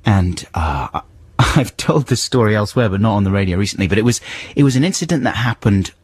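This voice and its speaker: Male radio co-host, husky, dry studio sound, rambling and chatty. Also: on the low side, lively intonation, brisk, no room sound. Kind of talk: casual radio banter.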